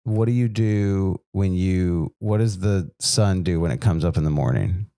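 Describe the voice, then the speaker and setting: Joking podcast co-host, easygoing man, low mellow voice, recorded dry. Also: measured pace, vocal fry, clean tone, no echo. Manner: relaxed, joking, fillers like um. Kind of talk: casual chat.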